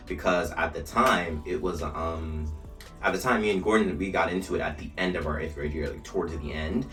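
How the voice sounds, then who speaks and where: Young man, deep voice, lively storytelling, echoey room, mic a bit far off. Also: normal speed. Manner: animated storytelling, shouting re-enacted lines. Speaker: vlogger. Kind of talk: casual storytime while doing a routine. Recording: echoey room, mic at a distance, faint music.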